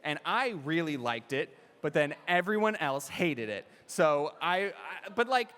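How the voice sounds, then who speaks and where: A man's voice: fairly high pitch, sing-song, a little slow, a bit bright. A young man answering fan questions on stage at a live panel, rambling, laughing and restarting his sentences, on a handheld mic in a large hall. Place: large convention hall, in front of an audience. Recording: echoey convention hall PA.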